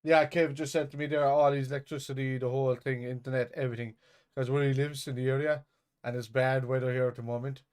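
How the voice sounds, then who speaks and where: A man's voice: mid-range voice, flat delivery, fast, darkish tone, clean tone. A man hosting a live football watch-along, chatting casually and muttering reactions to the game.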